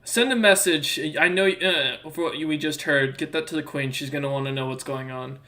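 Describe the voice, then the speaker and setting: A man playing a blunt female soldier, dry and businesslike, bright voice, slightly high. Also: moderate pace. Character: composed female soldier, a guard captain.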